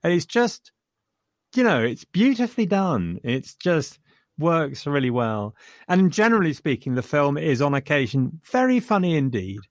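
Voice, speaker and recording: A man's voice: fairly high pitch, big pitch swings, moderate pace, dry recording, studio quality. A man discussing a film with enthusiasm, retelling funny scenes and chuckling as he goes. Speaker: film reviewer.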